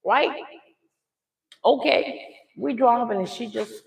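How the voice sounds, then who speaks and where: High-voiced animated woman telling a family story. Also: slow. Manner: dramatic, animated retelling that swings from loud outbursts to hushed asides; addresses viewers directly, often checking in with "okay?". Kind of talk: casual storytime. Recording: echoey room.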